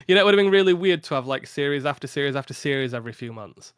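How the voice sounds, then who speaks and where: A tired young man chatting casually on a podcast about his gaming channel, rambling with frequent laughs and a slightly flat delivery. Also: a little high, fairly quick, clear, resonant tone, dry recording, studio quality. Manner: rambling, laughs often, a little flat from fatigue. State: tired after a long day. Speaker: podcast guest, content creator.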